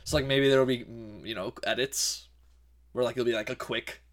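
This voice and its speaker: A young man co-hosting a podcast in casual chat, excitable, often saying dude and like. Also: medium pitch, moderate pace. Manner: excitable, says "dude" and "like" a lot. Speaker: podcast co-host.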